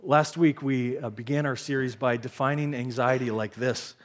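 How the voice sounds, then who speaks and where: A man's voice: medium pitch, steady tone, normal speed. Guy preaching a sermon at church, earnest, repeats lines to drive them home. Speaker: pastor. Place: church sanctuary.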